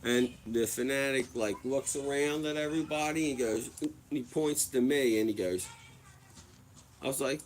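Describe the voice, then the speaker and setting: A man in his thirties talks on a casual livestream at an unhurried pace. His voice sits in an ordinary middle pitch. He rambles, restarts his sentences and swears freely as he tells a story. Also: a little hiss or hum. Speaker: livestream host.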